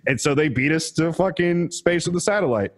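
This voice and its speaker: A man's voice: fairly high pitch, expressive, brisk. Profane, rambling male podcast host. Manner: profane, rambling, laughs at own jokes. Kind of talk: casual comedic history chat.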